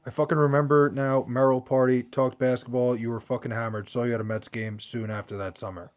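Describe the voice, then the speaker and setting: A man's voice: mid-range voice, level tone, brisk, muffled recording. A young man, chatting casually and profanely, rambling and restarting his sentences as he reads live chat. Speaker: podcast host reading live chat.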